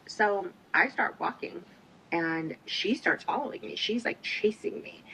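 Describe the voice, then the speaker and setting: A woman's voice: fairly low pitch, animated, moderate pace, a bit bright, a little hiss or hum, rough recording. A woman retelling a personal story in a matter-of-fact but indignant way.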